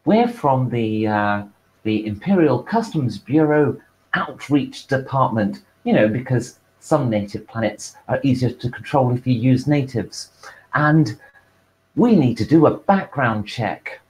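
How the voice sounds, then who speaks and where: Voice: mid-range voice, animated, unhurried, darkish tone, rough recording. A player in a tabletop role-play game, talking in a distracted, offhand way.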